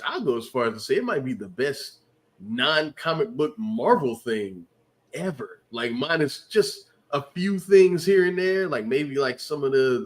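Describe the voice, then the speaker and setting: Man, mid-pitched, enthusiastic, emphatic, repeats words, podcast co-host. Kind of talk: casual review chat.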